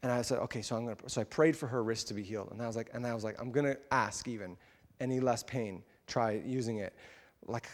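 A man's voice: medium pitch, big-room sound. A man, a pastor, telling a story in a casual, chatty sermon to his church. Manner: casual, chatty, with fillers and laughs. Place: church sanctuary.

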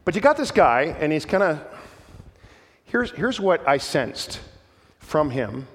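A man's voice: a little high, big pitch swings, takes it slowly, big-room sound. A man preaching a sermon as pastor, earnest and emphatic, often repeating words as he restarts.

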